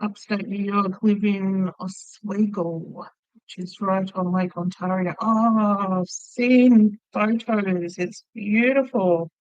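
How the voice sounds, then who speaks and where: A woman's voice: mid-range voice, steady tone, takes it slowly, no echo, dull audio. An Australian woman chatting casually with viewers on her crochet livestream, telling stories and laughing often. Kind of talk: casual live chat reading viewer comments.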